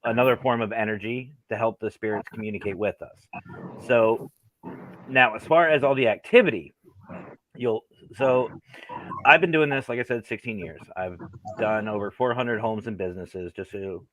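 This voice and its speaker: A man's voice: fairly low pitch, moderate pace, fairly bright tone, dry recording, low-quality recording. A man who works as a paranormal investigator, talking in a straightforward, matter-of-fact way on a casual podcast.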